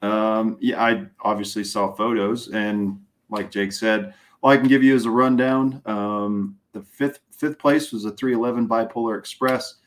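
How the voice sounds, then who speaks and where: A man co-hosting a local racing show, running down results in a relaxed, rambling way. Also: fairly low pitch, moderate pace, few pauses. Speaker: co-host, racing recap. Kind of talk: casual chat.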